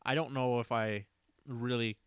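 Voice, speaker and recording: A man talks in a loose, rambling way, restarting his sentences and laughing as he goes. His voice is smooth and resonant. The sound is dry and close. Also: mid-range voice, steady tone, no room sound. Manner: rambling, halting, laughs often. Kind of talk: casual chat.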